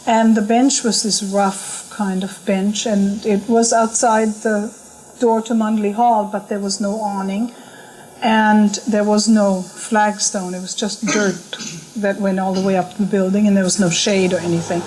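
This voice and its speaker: A middle-aged woman telling a personal story in a casual, lively way, laughing often and acting out what others said. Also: mid-range voice, unhurried, rough recording. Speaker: storyteller recalling a spiritual journey. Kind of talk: casual spoken memoir. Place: talk at a spiritual center.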